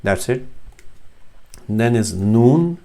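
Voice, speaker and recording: A man's voice: medium pitch, expressive, drawn-out words, warm tone. A man teaching Arabic letter sounds, patiently demonstrating each one and correcting himself as he goes. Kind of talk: slow instructional explanation.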